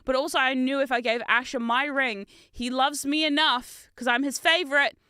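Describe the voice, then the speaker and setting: A woman's voice: sits high, steady tone, normal speed, pushed and bright, clean tone, dry recording, studio quality. A young woman chatting casually as she streams, telling rambling stories with fillers and laughs. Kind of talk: casual chat while building.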